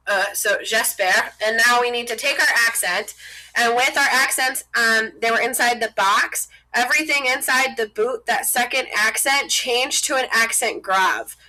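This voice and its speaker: Bright-voiced woman teaching at a board. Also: on the high side, poor audio. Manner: talks while writing on a board, chatty and informal. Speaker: French teacher. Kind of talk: casual classroom explanation.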